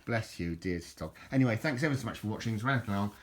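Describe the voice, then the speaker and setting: A man's voice: lowish voice, animated, fast talker. A middle-aged man, chatting in a jokey, rambling way while he shows things around his home kitchen on a handheld camera. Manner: chatty, jokey, self-interrupting. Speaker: vlogger. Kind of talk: casual rambling home vlog. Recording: home video with background noise.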